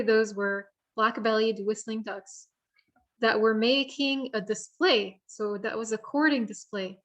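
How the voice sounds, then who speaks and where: Woman explaining birds on a video call. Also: a little high. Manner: friendly, explanatory, with frequent fillers. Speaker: workshop presenter. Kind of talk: online bird identification workshop. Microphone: computer mic on a video call.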